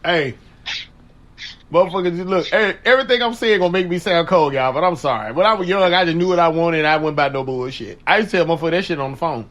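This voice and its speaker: A man's voice: a little high, fast talker. A man hosting a radio talk show, telling stories in crude slang with a lot of laughter. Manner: animated storytelling, frequent laughter, crude slang. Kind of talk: casual chat.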